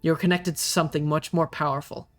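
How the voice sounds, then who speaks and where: A game master voicing a mysterious male elf elder with a pipe, speaking slowly and cryptically. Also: medium pitch, level tone, soft background music, natural voice. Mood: solemn.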